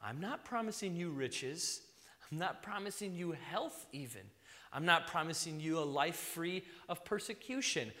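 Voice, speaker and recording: A man who is a father, preaching a sermon, swinging between loud emphasis and soft near-whispers. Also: a little high, animated, normal speed, long reverb tail. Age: young adult to middle-aged, a father.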